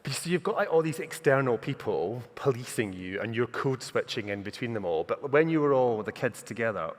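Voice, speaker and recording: A man's voice: mid-range voice, animated, brisk. Curious man chairing a talk. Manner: curious, gently probing. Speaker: interviewer, event chair. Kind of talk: festival onstage interview. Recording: reverberant festival hall.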